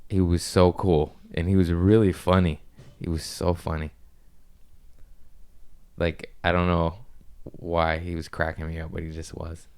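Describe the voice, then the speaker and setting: Comedian, male, deep and clean-toned, loose profane storyteller. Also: flat delivery, measured pace, a little mellow, clear, resonant tone. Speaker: stand-up comedian. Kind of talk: casual podcast chat.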